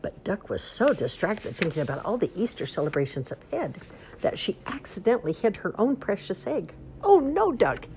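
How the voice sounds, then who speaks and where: A woman reading a children's picture book aloud in an expressive, sing-song way. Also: lowish voice, fairly quick, a little hiss or hum. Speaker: storyteller. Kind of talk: children's storybook read-aloud.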